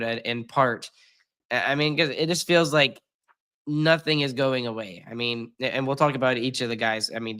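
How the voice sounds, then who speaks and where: An American podcast host runs a casual sports show while sick and congested, rambling with plenty of fillers and self-deprecating jokes. His voice is medium in pitch, with a sharp, clean tone.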